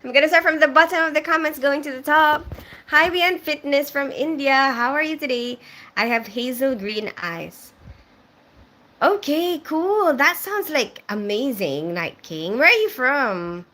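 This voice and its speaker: Young woman from the Philippines, live-stream host, bright tone, slightly high voice, chatty, reads out comments. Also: lively intonation, a little slow. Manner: reads viewer comments aloud and answers them; chatty with frequent fillers. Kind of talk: casual live-stream chat.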